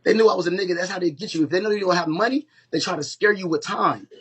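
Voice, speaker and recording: A man's voice: high voice, fast, fairly bright tone, breathy edge. A man with telling his own story on a live stream, in a heated, profane and emphatic way.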